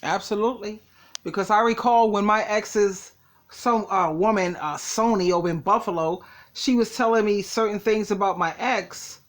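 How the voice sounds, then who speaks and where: A woman's voice: mid-range voice, moderate pace. An older woman chatting casually, agreeing and telling her own story about an ex. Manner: chatty, agreeable, laughs along. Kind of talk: casual chat.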